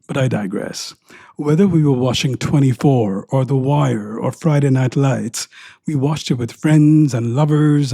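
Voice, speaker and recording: A middle-aged podcast host from India talks through his memories in a rambling solo monologue. He cracks wry jokes and wanders off on tangents. His voice is mellow and low in brightness, with a slightly husky grain. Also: dry recording, studio quality. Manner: wry, joking and prone to tangents. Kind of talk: reflective personal monologue.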